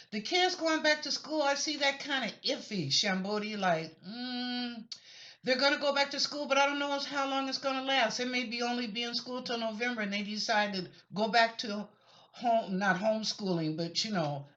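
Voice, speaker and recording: A woman's voice: on the high side, a bit bright. A woman giving a chatty, rambling psychic reading in answer to viewers' questions, with apologetic asides. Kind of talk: casual spoken reading of questions. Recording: lo-fi dull recording.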